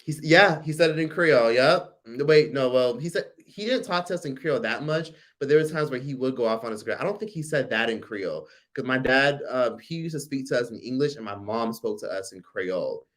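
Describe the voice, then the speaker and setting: A man's voice: medium pitch, brisk, hardly any pauses. A man in his forties with an American accent, chatting casually on his own livestream. His voice jumps up and down a lot as he tells a story, and he swears often. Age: 40s. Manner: animated storytelling, frequent profanity, reads chat aloud. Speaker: livestream host.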